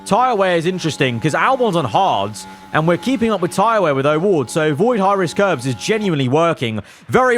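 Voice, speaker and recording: A man commentating his own racing management game, cheering on his drivers and swinging between calm analysis and elated outbursts. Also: fairly high pitch, fairly quick, slight background noise. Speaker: gaming YouTuber.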